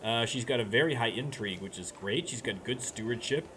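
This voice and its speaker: A let's play streamer with a medium-pitched, slightly fast, sharp-toned voice talks through a strategy game as he plays, thinking aloud chattily and restarting often. There's noise behind his voice.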